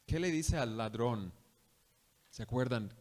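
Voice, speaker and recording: A man, a missionary preacher, giving an animated sermon that switches between two languages in a church. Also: medium pitch, normal speed. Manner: animated storytelling. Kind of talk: bilingual sermon.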